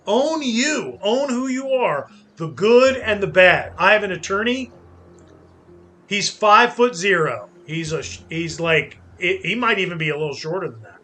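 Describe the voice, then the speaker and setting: Male gaming host, high bright voice; casual, rambling, philosophical commentary. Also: expressive, measured pace, faint music behind. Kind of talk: casual commentary over gameplay.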